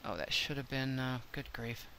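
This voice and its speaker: An older woman narrates her gameplay in a chatty, thinking-out-loud way and teases herself now and then. Her voice is bright and a touch tense. A faint hiss sits under the recording. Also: extremely low pitch, normal speed. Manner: chatty, thinks aloud, self-deprecating. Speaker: let's play host. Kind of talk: gameplay commentary.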